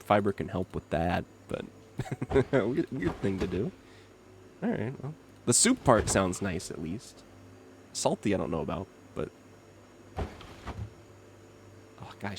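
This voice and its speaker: A young streamer, not from Kentucky, chats casually with his livestream chat while gaming, laughing often and reacting to comments. His voice is lowish and creaky, with slight background noise.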